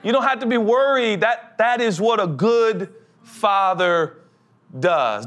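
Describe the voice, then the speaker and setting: A young adult man preaches as a pastor at a slow pace, animated and dropping into comic voices before building to an urgent pitch.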